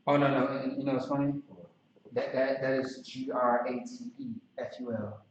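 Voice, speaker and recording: A man teaching a language class in a relaxed, halting way, with many fillers and restarts. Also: medium pitch. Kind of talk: casual classroom instruction. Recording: echoey, distant, dull lo-fi recording with some noise.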